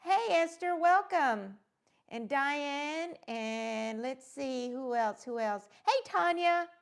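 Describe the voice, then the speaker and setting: A woman chats her way through a crafting livestream, warmly rambling and greeting viewers one by one. Her voice sits high, with a gravelly, creaky edge running through it. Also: lively intonation, slow pace. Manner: gushing, greets viewers by name; rambling with many fillers. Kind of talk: casual live-stream chat.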